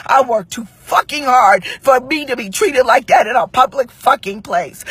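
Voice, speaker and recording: A woman's voice: sits high, moderate pace, few pauses, fairly bright tone, husky, dry recording. A woman in her forties telling a story in a blunt, profane, emphatic monologue to camera. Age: 40s.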